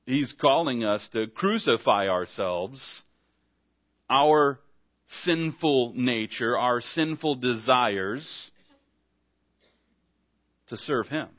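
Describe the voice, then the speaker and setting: A man's voice: medium pitch, lively intonation, very slow, long pauses, highs cut off. A man preaching an evening sermon, speaking conversationally and acting out little back-and-forth dialogues to make his points. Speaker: pastor.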